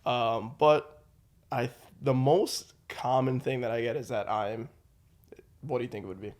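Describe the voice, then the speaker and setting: A man with a New York accent talks as a podcast guest in a relaxed, conversational way. His speech is halting and full of fillers and restarts. His pitch sits in an ordinary middle range for a man. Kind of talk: casual chat.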